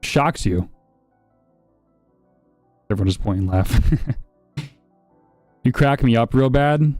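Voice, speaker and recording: A man's voice: medium pitch, expressive, takes it slowly, darkish tone, soft background music. Profane, rambling male streamer. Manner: blunt, profane, rambling asides. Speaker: streamer reacting to videos. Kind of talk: casual reaction commentary.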